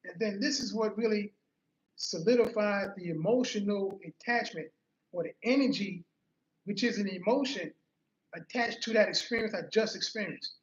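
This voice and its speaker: In a voice that sits high and at a moderate pace, the motivational speaker earnestly shares a personal story, leaning on repeated key phrases to drive his points home. The audio has a roomy, slightly muffled quality.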